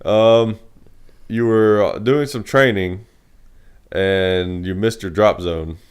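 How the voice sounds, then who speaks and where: A man's voice: lowish voice, fairly even intonation, takes it slowly, smooth. A man hosting a casual podcast, easygoing, agreeing often and laughing along. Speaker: podcast host.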